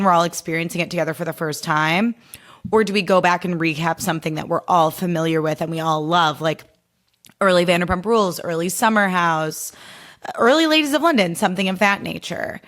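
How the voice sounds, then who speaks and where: A woman hosting her podcast in a casual pop culture chat, animated, profane and full of "like" and "okay?". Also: fairly low pitch. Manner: animated storyteller. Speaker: podcast host.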